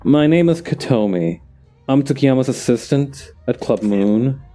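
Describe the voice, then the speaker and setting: A man's voice: medium pitch, expressive, measured pace, dark tone, faint music behind, lightly acted. A man voicing a polite, formal young woman working as an assistant, for a fan dub of a game. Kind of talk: fan voice-over of game dialogue.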